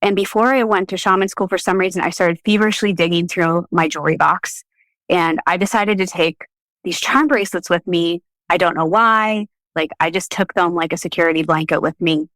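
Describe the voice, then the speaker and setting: Lively woman telling a story. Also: fairly low pitch, brisk, no echo. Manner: animated storyteller, laughs often, acts out quoted voices. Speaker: podcast guest, shamanic practitioner. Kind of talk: storytelling in a podcast interview.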